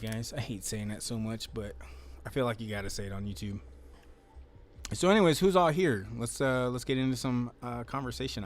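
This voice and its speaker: This man's lowish voice comes through a nearby desk mic, later shifted closer, as he hosts a laid-back livestream from home. There's slight background noise while he rambles easily and swears every so often.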